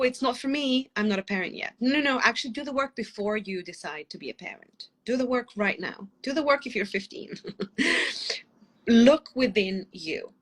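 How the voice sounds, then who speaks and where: A middle-aged woman speaks as a guest parenting coach in a podcast interview, with a husky, breathy voice as she nurses a cold. Her pitch sits in the middle of the range. She talks passionately and runs off on tangents. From former lawyer living in London. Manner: passionate, fast, tangent-prone. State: has a cold.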